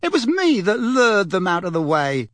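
A man voicing a cheeky, bold young witch in a high, bright, chirpy put-on voice, reading a storybook aloud. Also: wildly swooping pitch, normal speed, no room sound, exaggerated voice. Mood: boasting.

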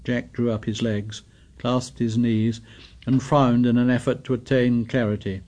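A man narrating an audiobook in a measured, even manner. His voice sits at a middle pitch, and he keeps a steady storytelling pace. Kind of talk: scripted narration.

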